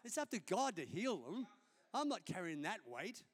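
A man's voice: sits high, sing-song, normal speed. A man, a senior pastor preaching a sermon in a conversational, storytelling way during a church service.

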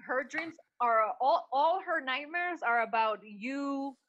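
Brash high-voiced woman swearing casually. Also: expressive, slow pace, a bit bright, dull audio, a little hiss or hum. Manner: brash, swears freely, says "bro". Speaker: podcast co-host. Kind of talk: casual chat.

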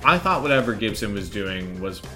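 A woman's voice: rumbling low, very animated, a little fast, a bit bright, faint music behind. A woman co-hosting a podcast in casual chat, rambling and hesitant, with many restarts. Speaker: podcast co-host.

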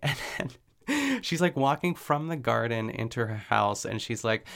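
Gravelly-voiced chatty man. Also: medium pitch, big pitch swings, sharp tone. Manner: chatty and rambling, many "like" fillers, quick laughs. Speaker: podcast host recapping a cooking show. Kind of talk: casual chat.

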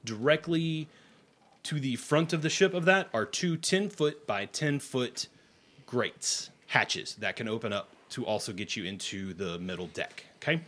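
A man's voice: medium pitch, lively intonation, unhurried, a bit bright. A man running a tabletop game as game master, explaining the scene plainly with side jokes.

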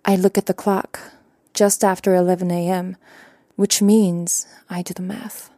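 A young adult woman reading a first-person story aloud in a calm, even narration with quiet character voices. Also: on the low side, a little slow, no echo, studio quality. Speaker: audiobook narrator.

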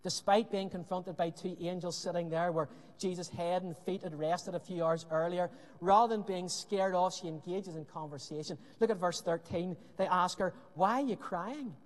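Earnest male preacher in a reverberant hall. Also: high-pitched. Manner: earnest, dramatic pauses, soft dips into hushed emphasis. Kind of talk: sermon.

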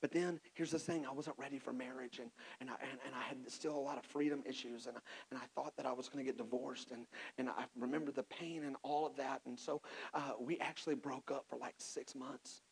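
A man from Texas, telling his own story in an animated, self-mocking sermon with lots of restarts. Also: medium pitch, fairly quick, vocal fry, hardly any pauses, husky. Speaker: preacher.

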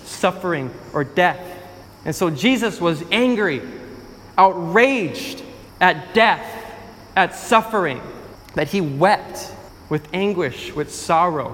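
A man's voice: on the high side, a bit bright, long reverb tail, a little hiss or hum. A man preaching a sermon, retelling a story with emphatic repetition. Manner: emphatic storytelling, repeats phrases for effect.

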